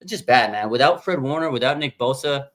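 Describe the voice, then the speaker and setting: A man's voice: mid-range voice, lively intonation, brisk, fairly bright tone. A young man, a fan streamer, venting in a casual live-stream rant, repeating himself and calling out "man" and "dude".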